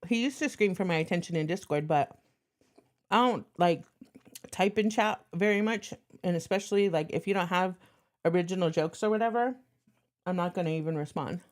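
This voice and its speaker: A lowish-voiced woman chatting on a stream, swearing freely and speaking bluntly. Her tone is sarcastic and matter-of-fact. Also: fairly quick. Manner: slightly out of breath while moving furniture. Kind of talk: casual stream chat.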